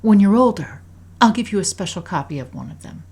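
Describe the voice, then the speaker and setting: A woman voicing a gentle, loving mother in a game story, speaking softly and reassuringly. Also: medium pitch, expressive, brisk, breathy edge, pitched above the performer's own voice. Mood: tender.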